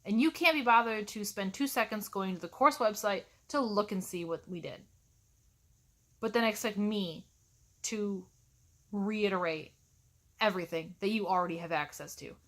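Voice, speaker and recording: Exasperated woman teacher venting on camera, sharp bright tone, sarcastic edge. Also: mid-range voice, moderate pace. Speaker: college instructor. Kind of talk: ranting vlog to camera.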